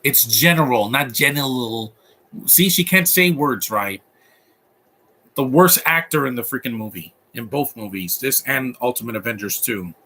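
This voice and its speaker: A man's voice: mid-range voice, lively intonation, moderate pace, pushed and bright, breathy edge. A man in his thirties giving live movie commentary, opinionated and rambling, often restarting his sentences.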